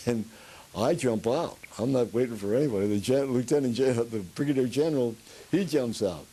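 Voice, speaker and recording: With a warm, mid-range voice, an older veteran with a Pennsylvania Dutch accent rambles and chuckles as he tells stories in an oral history interview. The audio is poor.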